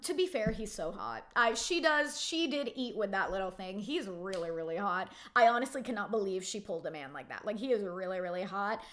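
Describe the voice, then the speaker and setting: A woman's voice: medium pitch, lively intonation, a little fast, few pauses, fairly bright tone. A young woman giving a casual, opinionated reality TV recap, chatty and gossipy, filling her talk with "like". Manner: chatty, gossipy, heavy use of "like".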